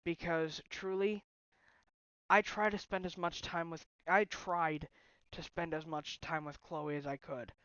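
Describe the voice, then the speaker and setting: A man's voice: fairly high pitch, fairly even intonation, measured pace, a bit bright, clean tone, no echo. An emotional young man vents to his viewers over a phone livestream, sighing and near tears. The audio is dull and lo-fi, close and completely dry. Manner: upset, voice breaking, sighing. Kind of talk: emotional personal talk to viewers.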